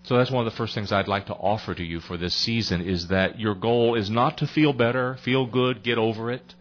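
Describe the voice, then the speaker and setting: A man's voice: on the low side, a little fast, muffled recording. A middle-aged man giving a sermon-like talk on grief at a memorial service, earnest, repeating his key phrases and acting out conversations.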